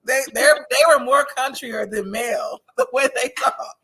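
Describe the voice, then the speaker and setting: A woman's voice: high-pitched, measured pace, pushed and bright, husky. A woman from Wisconsin hosting a casual TV recap show, reading viewer comments aloud, chatty and opinionated, laughing often. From Wisconsin, USA.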